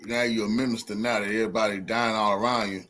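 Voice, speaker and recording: A man's voice: lowish voice, level tone, quick pace, fairly bright tone. A man hosting a reaction commentary, talking in a mocking, sarcastic way. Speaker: commentary vlogger.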